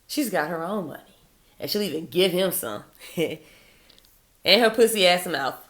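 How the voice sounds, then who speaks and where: A woman's voice: fairly low pitch, animated, measured pace, fairly bright tone. A woman giving dating advice in a blunt, profane, sardonic monologue. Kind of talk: casual opinionated monologue.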